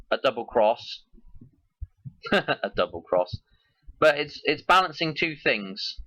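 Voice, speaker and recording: A man's voice: mid-range voice, a bit bright, no room sound. Man musing aloud in a dull recording. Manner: musing, loosely connects ideas. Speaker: video host. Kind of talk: rambling casual monologue.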